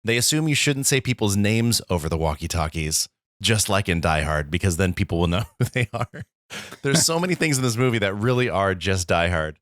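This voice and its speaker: A man's voice: fairly low pitch, big pitch swings, a little fast, fairly bright tone, no room sound, clean studio sound. A man co-hosting a movie podcast, chatting enthusiastically and laughing often. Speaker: podcast co-host. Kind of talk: casual movie chat.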